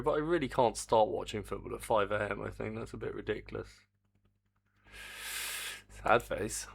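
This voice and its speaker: A man's voice: on the low side, gravelly, husky. A middle-aged man, a game developer live-streaming his work, muttering casual grumbling asides to himself as he codes.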